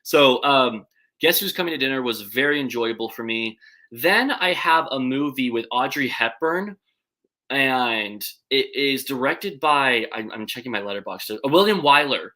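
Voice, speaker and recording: A movie channel host with a bright, mid-range voice chats about films in casual live-stream commentary at a normal speed. He hesitates a lot with ums and restarts, and when he gets excited his words run together.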